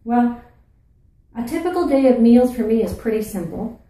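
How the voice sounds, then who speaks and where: This Atlantic Canadian channel host, whose Maritime accent comes from Newfoundland and Nova Scotia, talks casually and playfully to her viewers. Her warm voice sits on the high side with lively intonation and a moderate pace, though the poor audio is heavily reverberant and recorded from afar.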